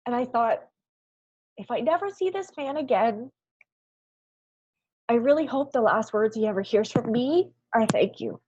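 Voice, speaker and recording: A woman guest in an interview, telling a personal story in a heartfelt, animated way, with frequent laughs and lots of "like" fillers. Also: fairly high pitch, unhurried, long pauses, husky, dry recording, highs cut off. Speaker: guest, event founder.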